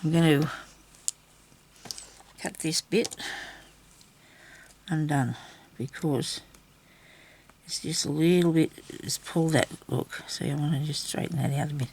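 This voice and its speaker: A woman's voice: low voice, measured pace, gravelly, pauses often, a little mellow, slight background noise. A woman chatting casually in her craft vlog, rambling and talking to herself as she sews close to the camera indoors at home. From Australia. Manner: rambling, chatty, talks to herself while sewing. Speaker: craft vlogger. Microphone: camera mic, very close.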